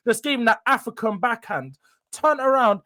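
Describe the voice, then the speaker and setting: A young man hosts a fan reaction show, speaking in a fairly high voice. He rants with frustration, building into sudden loud outbursts before dropping back down. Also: lively intonation, normal speed. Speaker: host. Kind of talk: fan match reaction monologue.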